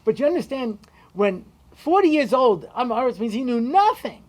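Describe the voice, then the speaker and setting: Man, rabbi, storytelling lecture, chatty asides, pitch and volume swing up and down. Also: moderate pace. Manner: conversational, many asides and "you know"s; animated, shifting pitch and loudness.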